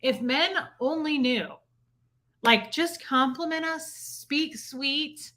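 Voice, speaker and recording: Bright, brash woman co-host. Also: high-pitched, takes it slowly. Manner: brash, bawdy and flirtatious. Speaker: podcast co-host. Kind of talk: casual chat reading live comments.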